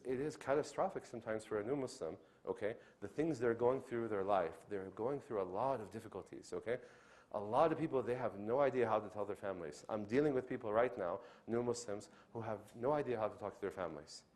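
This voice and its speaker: A man's voice: lowish voice, a little fast. A man giving a religious lecture to an audience, often checking in with "okay?" and acting out the lines of the people he describes. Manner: animated, acts out quoted speech. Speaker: Islamic lecturer. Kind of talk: lecture on inviting others to Islam.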